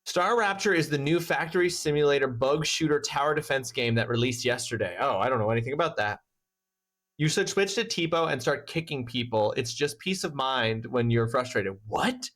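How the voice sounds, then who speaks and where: A game streamer chatting casually and wryly while playing, swearing now and then, in a mid-pitched voice. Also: normal speed, few pauses. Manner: chatty, wry, with bursts of swearing. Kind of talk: casual let's-play commentary. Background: loud game music.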